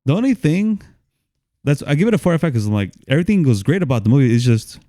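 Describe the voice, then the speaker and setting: A man co-hosting a casual movie review podcast, laid-back and quick to agree. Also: fairly high pitch, very animated, mellow, no room sound, clean studio sound. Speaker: podcast co-host.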